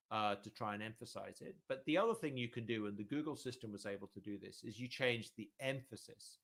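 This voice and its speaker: A man's voice: mid-range voice, fairly bright tone. Man giving a chatty academic lecture. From United Kingdom. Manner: frequent ums and restarts, conversational.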